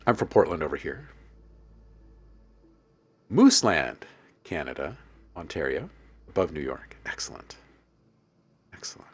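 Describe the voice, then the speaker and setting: A low-pitched man chatting casually with viewers on a live music-production stream. His voice swings widely in pitch as he teases people in chat and chuckles at his own jokes. The talk is loose and playful, full of asides and quick laughs. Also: very animated, breathy edge. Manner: playful, jokey, laughs often, reads chat aloud. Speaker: livestream host and music producer.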